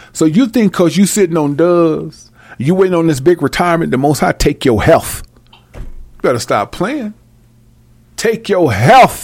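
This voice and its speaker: A man giving a freewheeling, profane Bible commentary, brash and mocking, swinging between loud outbursts and low mutters. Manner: brash, mocking and full of cursing. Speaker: self-styled preacher.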